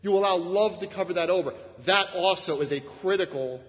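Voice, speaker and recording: High-voiced male preacher in reverberant hall. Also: brisk. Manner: conversational, frequent "right?" asides, lively shifts in emphasis. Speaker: pastor. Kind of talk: sermon. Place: church sanctuary. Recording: long reverb of a church hall.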